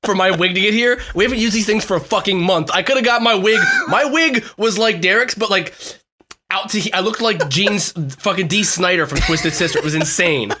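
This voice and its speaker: Excitable, foul-mouthed male co-host, high voice, background noise. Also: fairly quick. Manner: swears freely, excitable. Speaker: podcast co-host. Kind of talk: casual podcast chat.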